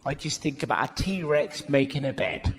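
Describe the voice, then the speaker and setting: A man voicing his sweet, dotty and loving older mother with a soft, swooping delivery, on a live stand-up recording. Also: mid-range voice, normal speed, heavy background noise, pitched below the performer's own voice, natural voice. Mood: tender. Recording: echoey live venue with loud crowd.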